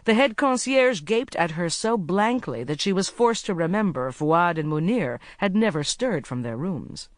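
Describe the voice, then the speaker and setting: An audiobook narrator reads a mystery with a lively, rising-and-falling delivery. The voice sits at a middling pitch, and the close studio recording is dry with no room sound. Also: moderate pace, hardly any pauses, no room sound. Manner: lively, expressive reading.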